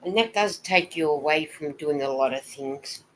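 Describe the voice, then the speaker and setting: Low-voiced woman chatting live. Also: normal speed, slight background noise, poor audio. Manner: chatty and rambling, greeting viewers and reading their comments aloud. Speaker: knitting vlogger hosting a live stream. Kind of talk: casual live-stream chat.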